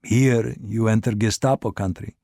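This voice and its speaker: A man's voice: on the low side, steady tone, moderate pace, mellow, no room sound, studio quality, natural voice. A man reading as an obsequious, educated agent. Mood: persuasive. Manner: smooth, persuasive, questioning. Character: obsequious educated male agent, Eastern European note.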